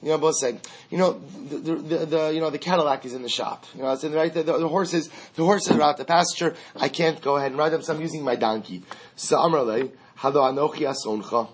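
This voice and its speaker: A man's voice: on the high side, fast talker, slightly rough. A man teaching a Talmud class, reading out Aramaic phrases and translating them in a conversational way, often restarting. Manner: reads Aramaic and translates line by line, conversational asides.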